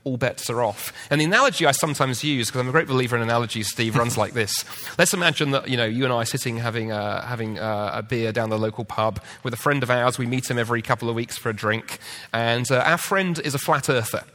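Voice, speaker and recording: Man, debate panelist, bright tone, animated storytelling, long hall reverb. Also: medium pitch, fast talker. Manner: animated storyteller, acts out quoted voices. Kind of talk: public debate talk.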